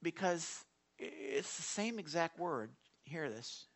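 A man preaching a sermon as pastor, lively and conversational, teasing and questioning his congregation. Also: a little high, takes it slowly, gravelly. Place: church before a congregation.

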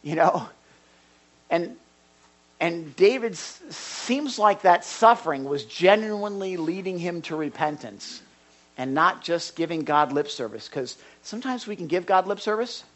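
An older male pastor delivers a conversational sermon, acting out small dialogues and shifting between loud and hushed speech. His voice sits high and animated, and he keeps a measured pace.

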